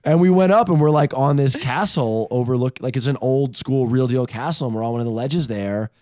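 A man guesting on a radio show, telling a dating story in a playful, animated way with easy laughs. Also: mid-range voice, brisk, no room sound, clean studio sound. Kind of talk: casual storytelling chat.

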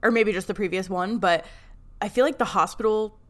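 A woman's voice: mid-range voice, brisk. A woman co-hosting a podcast, chatting casually and reading out scene recaps in a friendly way. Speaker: podcast co-host. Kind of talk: casual chat and read plot recap.

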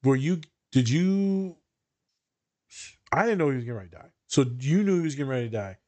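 A man's voice: medium pitch, sing-song, racing, darkish tone, no room sound. A man with a mid-range voice chats on a podcast, recorded close and dry. He sounds easygoing and affirming, and he steers the conversation along. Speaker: podcast host. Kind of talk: casual podcast chat.

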